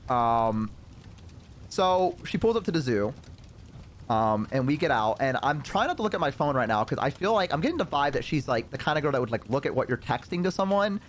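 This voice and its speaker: A man's voice: medium pitch, a little fast, slight background noise. A man streaming as a VTuber, telling a personal story in a casual, rambling way, swearing often. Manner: animated, profane, rambling with fillers.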